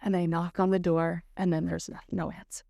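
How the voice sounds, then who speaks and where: A middle-aged woman sharing a personal faith testimony as a guest, telling it in an earnest, animated way with many "like"s. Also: lowish voice, brisk, gravelly, dry recording, studio quality.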